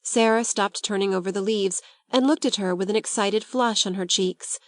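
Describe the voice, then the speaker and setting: A woman narrates a classic novel in a measured, gentle way, with a voice of ordinary middle pitch. The recording is close and dry, with no room sound. Her storytelling stays even and unhurried. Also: dry recording. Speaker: audiobook narrator.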